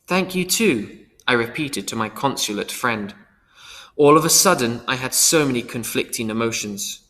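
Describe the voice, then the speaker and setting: A man reading a first-person audiobook, earnest and expressive. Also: medium pitch. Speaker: audiobook reader. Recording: long hall reverb.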